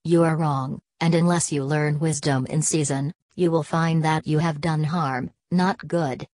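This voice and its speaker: Stern titled mother, low voice, cool and commanding, read by a woman. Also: steady tone, measured pace, a little mellow, no room sound.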